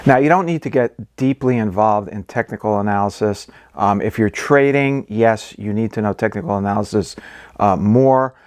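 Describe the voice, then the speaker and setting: A man's voice: on the low side, normal speed, a little mellow, no echo. Man explaining investing in a dry room. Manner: conversational, many ums and okays. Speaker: investing channel host. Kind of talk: casual explainer talk.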